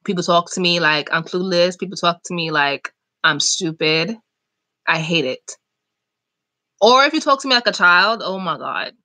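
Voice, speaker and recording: A young woman chatting casually on a live stream, reading and answering viewer comments in an animated, talkative way. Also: on the low side, normal speed. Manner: chatty, animated, talks back to chat comments. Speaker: vlogger hosting a live chat.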